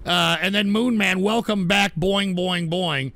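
High, gravelly, sharp-voiced ranting man. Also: unhurried, dry recording. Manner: irritable, profane ranting; swings between grumbling and loud outbursts. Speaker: livestream host. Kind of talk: live-stream commentary, reading chat.

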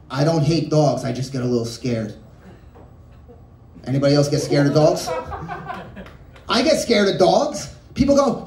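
A man's voice: extremely high pitch, lively intonation, moderate pace, crowd noise. A man doing a profane, absurd stand-up set in a small bar, jumping between tangents. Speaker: stand-up comedian. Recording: echoey bar room, distant mic.

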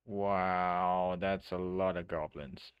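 A deep, low-pitched man rambles through a live game stream, thinking aloud and restarting his sentences often. His voice is close and dry, with no room sound around it. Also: fairly even intonation, slow pace, smooth, no room sound, lo-fi sound. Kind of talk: casual let's-play commentary. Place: home streaming setup.

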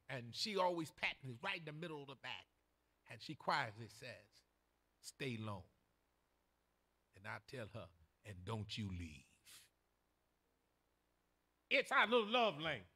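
An older male pastor, preaching a sermon in a folksy storytelling manner that builds to shouted emphasis. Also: a little high.

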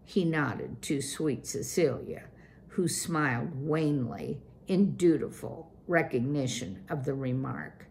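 A woman reading a children's chapter book aloud, slowly and deliberately. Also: a bass voice, lively intonation, creaky, a little mellow, slight background noise. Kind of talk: read-aloud storytelling.

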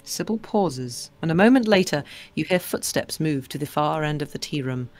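A co-host with a mid-pitched voice, reading out a story game's narration and slipping in dry, teasing remarks. Faint music sits underneath. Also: animated, moderate pace. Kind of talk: reading game narration and casual chat.

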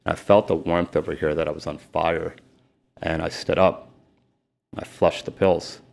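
A middle-aged man, a sports agent telling his story candidly in an interview, emphatic and retelling dialogue in rapid bursts. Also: deep voice, little pitch movement, vocal fry, darkish tone. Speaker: guest, sports and celebrity agent.

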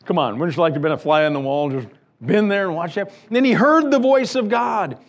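A man's voice: high-pitched, lively intonation, a little fast, muffled recording. A man preaching a sermon as pastor, emphatic and fond of repeating words and building lists. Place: church sanctuary.

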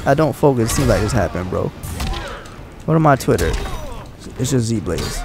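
Excitable man giving gameplay commentary. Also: medium pitch, normal speed, gravelly. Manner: excitable, casual, with frustrated outbursts. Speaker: gaming channel host. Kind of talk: let's play commentary. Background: game music and sound.

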